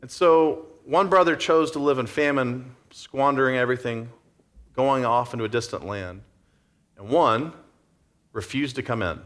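A man's voice: medium pitch, moderate pace, a bit bright. A man preaching a sermon in a conversational way, acting out the story's scenes. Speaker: pastor.

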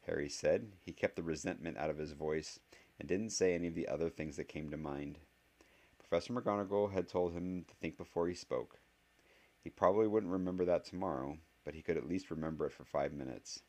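Deep-voiced man reading a novel. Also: brisk, a little mellow. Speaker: audiobook reader. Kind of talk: fan audiobook narration.

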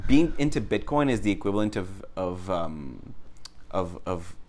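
Teasing comedian woman, lively pitch. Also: slight background noise. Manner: quick-witted, teasing, lively. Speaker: stand-up comedian, podcast co-host. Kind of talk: casual chat.

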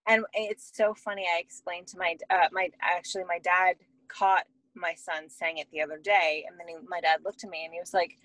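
A woman's voice: on the low side, fairly even intonation, normal speed, few pauses, fairly bright tone, dry recording, rough recording. A woman in her thirties, a mother and podcast guest, talking in a reflective, storytelling way. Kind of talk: casual podcast conversation.

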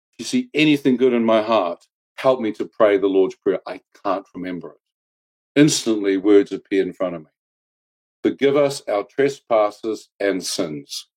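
A man's voice: mid-range voice, darkish tone. Earnest man telling his story. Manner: earnest, reflective, with wry humor. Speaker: guest telling his testimony. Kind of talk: personal storytelling testimony.

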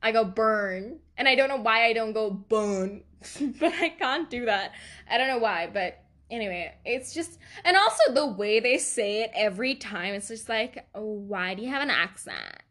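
A woman's voice: on the high side, animated, normal speed, a bit bright. A young woman hosting a podcast, telling stories in a rambling, confessional way and laughing often. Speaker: podcast host. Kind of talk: casual confessional chat.

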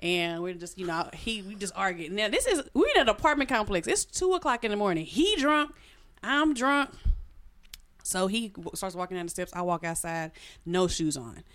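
A woman telling a personal story in casual chat, animated and frank, swearing freely. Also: moderate pace. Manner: animated, swoops her voice high when reenacting.

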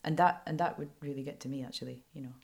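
Scottish lady reporter, low voice, chatty and frank, laughs a lot. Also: fast talker, vocal fry. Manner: animated and frank, laughs often. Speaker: journalist. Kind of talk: candid interview storytelling.

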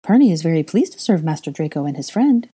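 A woman's voice: low-pitched, big pitch swings, quick pace, warm tone, husky, exaggerated voice. A woman doing an eager little house-elf. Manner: eager and servile. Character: small, eager female house-elf servant.

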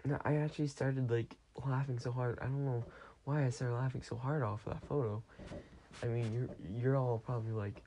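Tired, gravelly young man rambling casually. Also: medium pitch, fairly even intonation, moderate pace, mellow. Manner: chatty, rambling, self-correcting. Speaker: podcast host.

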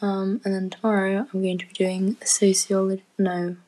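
A woman's voice: medium pitch, little pitch movement, moderate pace, dark tone, poor audio. A woman in casual rambling chat from home, giggly and full of fillers, often dropping to a near-whisper. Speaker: student podcaster.

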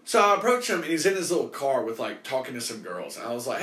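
A man hosting a show, telling a casual story in a rambling way and swearing in softened words. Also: medium pitch, very animated, quick pace, few pauses. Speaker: host. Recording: echoey room.

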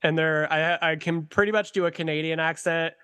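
A man's voice: a little high, steady tone, a little fast, bright, forceful tone, clear, resonant tone. A man guesting on a podcast, chatting playfully and hamming up mock accents. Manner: playful, hams up mock accents, laughs a lot. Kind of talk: casual chat.

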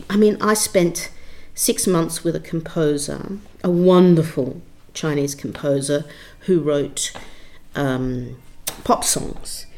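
A middle-aged Australian woman, a theatre director and writer, tells a long story as an interview guest. Her voice is a little low for a woman and dark in tone. She speaks expressively, stressing key words and often restarting her sentences.

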